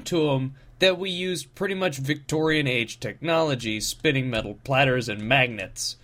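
A man in a casual group chat, joking in a lively way. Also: medium pitch, moderate pace, few pauses.

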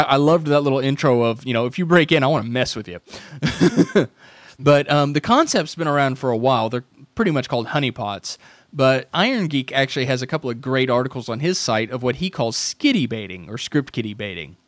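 A man's voice: mid-range voice, lively intonation, brisk, dry recording. Rambling male podcast host. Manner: rambling storyteller, acts out quoted dialogue with restarts. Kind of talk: casual chat.

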